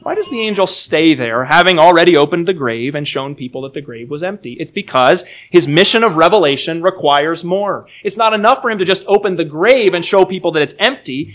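A man preaching an expository sermon in an earnest, emphatic way, his delivery moving between soft and raised passages. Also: high-pitched, expressive, a little fast, few pauses.

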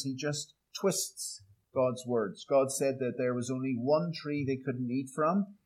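A man preaching an expository sermon, measured and emphatic, slowing down on key words. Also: mid-range voice, a little mellow, low-quality recording.

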